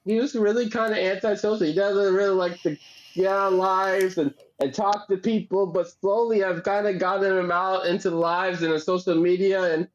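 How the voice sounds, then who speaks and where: A man talks at a lively clip in a bright, high voice, full of slang and laughter. He is a guest on a casual podcast. The sound is a little dull and lo-fi. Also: moderate pace. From Wisconsin. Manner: animated, laughing, slangy storyteller. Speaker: guest breeder. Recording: dull lo-fi audio.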